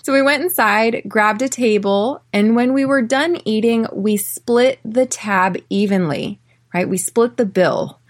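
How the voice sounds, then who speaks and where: An American woman hosting an English-learning podcast, telling personal stories and drilling phrases slowly for listeners to repeat. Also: on the high side. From United States. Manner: clear, slow drilling in repeat-after-me phrases; chatty, often tags lines with "right?". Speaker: podcast host and English teacher. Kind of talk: podcast lesson.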